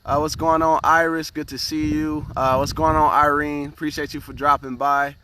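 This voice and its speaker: A man's voice: on the high side, flat delivery, normal speed, pushed and bright, slight background noise. Earnest man hosting a motivational livestream. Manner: earnest, repeats words, keeps asking "right?"; greets viewers by name from the comments. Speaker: live-stream host and motivational speaker. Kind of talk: casual live-stream motivational talk.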